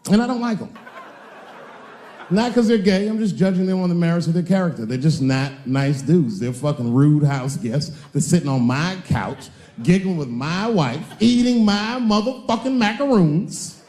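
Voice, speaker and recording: A man in his forties doing stand-up comedy on a stage, animated, shouting punchlines and acting out voices. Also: high voice, moderate pace, echoey room. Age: 40s. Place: comedy stage before a live audience.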